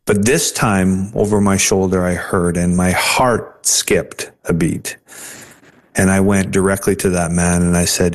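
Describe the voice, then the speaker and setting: Earnest low-voiced man telling a story. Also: flat delivery, a little slow. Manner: earnest storytelling with hesitant restarts. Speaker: interview guest. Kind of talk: personal testimony in an interview.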